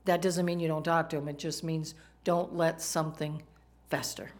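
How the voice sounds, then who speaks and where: A woman's voice: sits low, little pitch movement, moderate pace. A woman preaching a sermon, talking conversationally and asking the congregation questions. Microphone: microphone, PowerPoint slides in a church.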